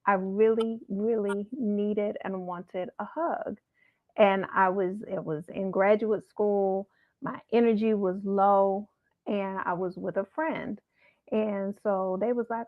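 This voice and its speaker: A middle-aged woman hosting a livestream talk, telling stories and reading out a mantra slowly. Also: mid-range voice, fairly even intonation. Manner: storytelling, slow deliberate mantra reading. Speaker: host. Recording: tinny phone-like line.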